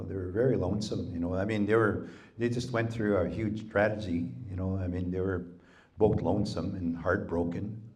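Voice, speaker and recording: A male storyteller from Canada telling an oral folktale at a library talk, unhurried and halting, with many "you know"s. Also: on the low side, mellow.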